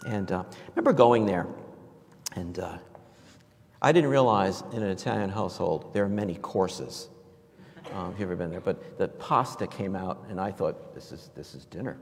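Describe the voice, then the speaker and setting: A man's voice: low-pitched, normal speed, a little mellow, in a large hall. A man from New York giving a storytelling homily in a conversational, reflective way, with frequent fillers and restarts. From New York, USA. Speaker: preacher.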